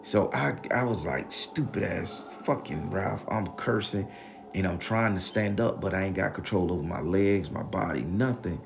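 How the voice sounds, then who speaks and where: A man with a low, gravelly voice recounting a story in a loose, slangy way. He swears freely and keeps the telling animated. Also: normal speed, over music. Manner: profane, animated, slangy retelling. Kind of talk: casual spoken storytelling.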